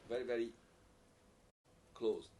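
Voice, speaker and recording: A man leads a piccolo masterclass and explains things haltingly, repeating words and using non-native phrasing as he feels his way through. His voice sits at an ordinary middle pitch for a man. He is picked up from a distance, with a faint hiss underneath. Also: mellow. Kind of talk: masterclass teaching, answering questions.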